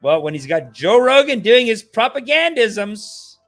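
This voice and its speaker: Comedian host from canada, swoopy expressive voice, sweary laughing rant on stream. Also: male voice, high-pitched, unhurried, faint music behind. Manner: animated, profane, laughing rant. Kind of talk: livestream reaction commentary.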